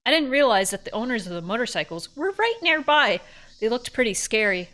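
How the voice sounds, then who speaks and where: A woman streamer reading a visual novel aloud, laughing often and breaking off into animated chat. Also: on the high side, fairly quick. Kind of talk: narrating a story and chatting.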